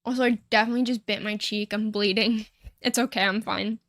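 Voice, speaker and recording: A woman's voice: mid-range voice, fairly even intonation, a little fast, fairly bright tone, no room sound, studio quality. A young woman streaming a life-sim game, chatting casually and rambling with frequent laughs and casual swearing. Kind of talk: casual livestream chat while playing a life-sim game.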